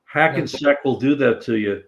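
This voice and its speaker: A man co-hosting a livestream in casual chat, dropping dry, quick quips. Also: mid-range voice, vocal fry, highs cut off. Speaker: livestream co-host.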